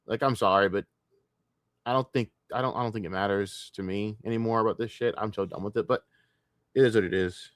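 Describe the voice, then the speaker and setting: Streaming on his own, a man rambles through a casual rant packed with swearing, trailing off and laughing to himself. His voice is lowish and steady in tone, a little fast, with clean studio-quality sound and no echo.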